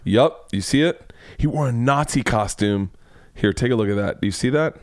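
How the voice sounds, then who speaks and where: A man's voice: mid-range voice, no echo, studio quality. A man hosting a comedy podcast, rambling through celebrity news with lots of swearing. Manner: profane, rambling, quick asides. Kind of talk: casual comedy podcast rant.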